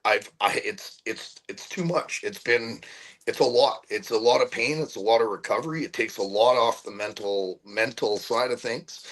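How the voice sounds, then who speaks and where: A middle-aged man speaking candidly as an interview guest, earnest and heartfelt, often halting and repeating words as he searches for them. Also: mid-range voice, fairly bright tone, rough recording.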